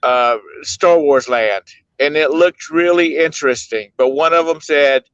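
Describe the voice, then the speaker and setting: A man co-hosting a live show, chatting casually over a video call, rambling through stories with frequent "uh" pauses. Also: a little high, a bit bright, clean tone, dry recording. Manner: easygoing storyteller, rambles with "uh" pauses. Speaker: co-host of a daily live show. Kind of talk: casual chat. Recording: dull lo-fi video call audio.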